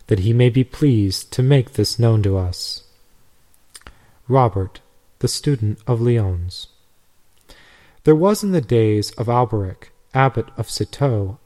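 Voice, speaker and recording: Male narrator, mellow tone, measured storybook reading. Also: mid-range voice. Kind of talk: reading a devotional story aloud.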